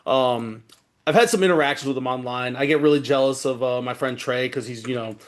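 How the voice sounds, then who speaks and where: A man's voice: mid-range voice, a little fast. Easygoing man chatting as guest. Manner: easygoing, laughs often, trails off mid-sentence. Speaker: podcast guest. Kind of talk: casual chat.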